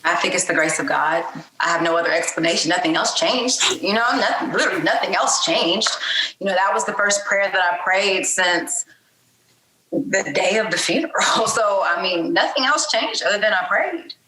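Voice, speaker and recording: A woman's voice: mid-range voice, normal speed, bright, forceful tone, roomy sound, slight background noise, rough recording. A woman speaking as a podcast guest in a candid personal interview, talking openly and conversationally with frequent fillers.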